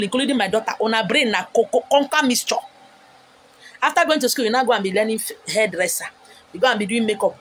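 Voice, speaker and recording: A middle-aged woman with a Nigerian accent, delivering a loud, scolding vlog rant with sudden high outbursts. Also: husky. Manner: wears a wig on camera. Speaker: vlogger. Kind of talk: ranting vlog monologue.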